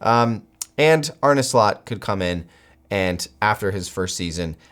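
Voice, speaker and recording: An American man hosting a football channel, giving solo commentary with animated, incredulous outbursts. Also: fairly low pitch, slow pace.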